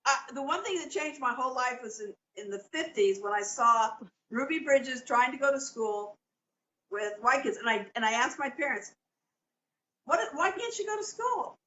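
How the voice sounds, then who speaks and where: A woman in her seventies from Southern California, a guest telling stories in a lively casual chat and jumping her pitch for emphasis. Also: moderate pace. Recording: echoey, distant, muffled call audio with faint hiss.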